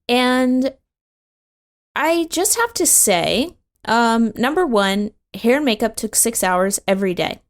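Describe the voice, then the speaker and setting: A woman's voice: fairly high pitch, lively intonation, slow. A woman co-hosting a podcast in casual chat, slangy, calling her co-host dude and bro.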